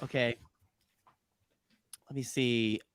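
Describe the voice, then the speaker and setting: A man's voice: medium pitch, steady tone, slow, crowd noise. A man chatting casually as a player in a tabletop game, rambling with many restarts. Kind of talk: casual role-play chat.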